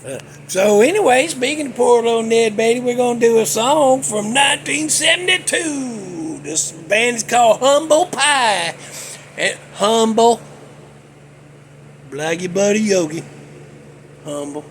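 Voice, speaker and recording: A man's voice: very high-pitched, animated, a little slow, fairly bright tone, slight background noise. A man, hosting a casual movie talk vlog as a folksy, joking storyteller. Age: 60s. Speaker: host.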